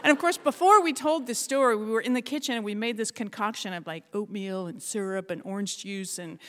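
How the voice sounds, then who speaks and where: A middle-aged woman from Alaska telling a funny personal story to an audience in a lively, self-mocking way, laughing often. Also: medium pitch, a little fast. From Alaska, USA.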